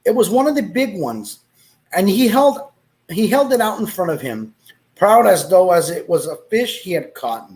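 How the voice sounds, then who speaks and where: A man's voice: high voice, very animated, normal speed, darkish tone. A man reading a story aloud, breaking off to laugh and make asides, with Spanish exclamations.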